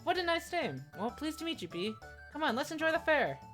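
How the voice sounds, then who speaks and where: A woman reading lines as a friendly, eager young woman at a fair, talking in a sweet, girlish way that sits noticeably higher than her own voice. Her pitch swoops around brightly. Faint game music plays behind her. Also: sing-song, brisk. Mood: cheerful. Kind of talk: reading game dialogue aloud.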